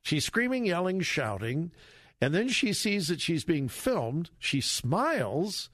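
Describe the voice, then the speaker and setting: Man, talk radio host, middle-aged, emphatic repetitive commentary, bouncy high-ish voice. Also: slow pace, no echo, studio quality. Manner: emphatic, repetitive, lively pitch swings.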